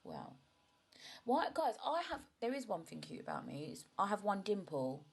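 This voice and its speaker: A woman's voice: medium pitch, huge pitch swings, normal speed, gravelly, breathy edge. A young woman hosting a solo podcast, talking frankly and chattily, and emotional today. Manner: frank and chatty, often asks "do you know what I mean". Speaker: podcast host. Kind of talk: candid solo podcast monologue.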